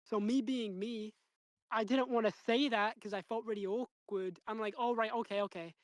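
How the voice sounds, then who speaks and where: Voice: mid-range voice, moderate pace, dry recording. A speaker with a Northern English accent, chatting casually on a livestream and telling a story in a rambling way full of fillers. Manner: rambling, filler-heavy, animated retelling.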